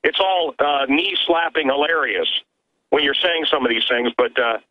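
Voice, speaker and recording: A man's voice: a little high, normal speed. A man calling in to a talk radio show as a guest host, talking emphatically and exasperated, stammering and restarting his sentences. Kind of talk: heated call-in talk radio. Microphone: phone. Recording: muffled lo-fi phone line.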